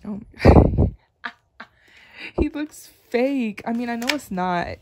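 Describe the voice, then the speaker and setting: A woman's voice: a little high, lively intonation, slow, vocal fry, background noise. A young woman chatting playfully as she unboxes an album, laughing and complaining dramatically. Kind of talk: casual unboxing chat.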